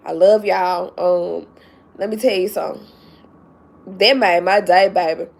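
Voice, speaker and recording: A woman's voice: lowish voice, fairly even intonation, a little slow, gravelly. A woman chatting on her livestream, emphatic and tearful with joy, calling her viewers "baby" and "y'all". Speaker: YouTube vlogger. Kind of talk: casual livestream chat.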